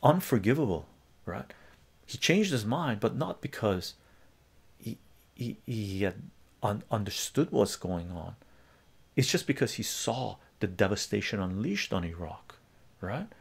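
A man hosting a live stream, his voice low and gravelly with plenty of fry. He talks in casual chat, slipping into heated, profane storytelling as he gets worked up. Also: very animated, unhurried.

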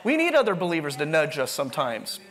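A man's voice: on the high side, wildly swooping pitch, fast, fairly bright tone. A man preaching a sermon in a conversational, rambling way, often restarting his sentences. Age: adult, continuing university studies. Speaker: pastor.

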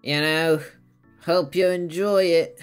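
Streamer, man, rambling and giggly, unhurried delivery, light music in the background. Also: fairly high pitch, fairly even intonation, clear, resonant tone. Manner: rambling, giggly, chatting to viewers. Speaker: game streamer. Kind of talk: casual live-stream chat while playing.

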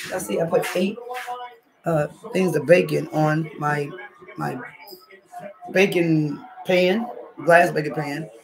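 A man's voice: fairly high pitch, vocal fry, reverberant, recorded from a distance, poor audio. A man chatting loosely to his viewers while cooking in his home kitchen. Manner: loose, chatty, talks straight to viewers with lots of "y'all". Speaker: cooking vlogger. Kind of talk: casual cooking vlog chat.

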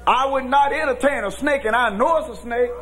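A man preaching a sermon as pastor, shouting in a folksy preaching cadence. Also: very high voice, a little fast, slight background noise. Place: church with congregation.

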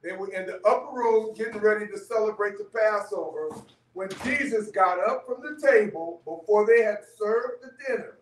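A man leads a church Bible study in a loose, conversational way, stopping often to ask "okay?" His voice sits high. He is heard from a distance, and the room echoes around him. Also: moderate pace, slight background noise. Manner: conversational teaching, frequent "okay?" checks. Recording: echoey room, mic far off.

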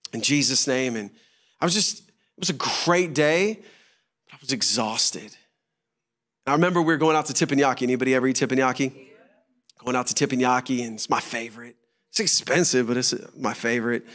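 A man's voice: medium pitch, fairly bright tone. A man, a pastor, preaching a sermon and telling a personal story, acting out voices and dropping to a whisper at tender moments.

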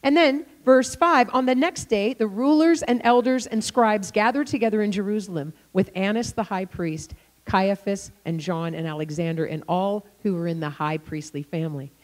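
Animated older woman preaching a story sermon. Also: mid-range voice, moderate pace. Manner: animated, acts out the people in her stories. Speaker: guest preacher. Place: church.

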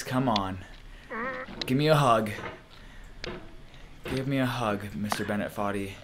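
A man streaming a game, who breaks into yelling rage and then insists in a forced, sarcastic calm that he is not mad. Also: fairly low pitch, a little slow, pauses often, background noise. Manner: sarcastic mock-cheerful muttering. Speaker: gaming streamer. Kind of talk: livestream gameplay commentary.

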